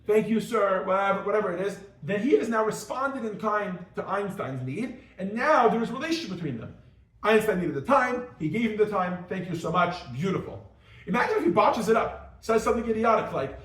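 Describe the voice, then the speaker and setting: A rabbi giving a lively class, acting out little scenes as he explains. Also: high voice, brisk. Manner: animated, acts out little scenes in different voices. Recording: echoey room, mic far off.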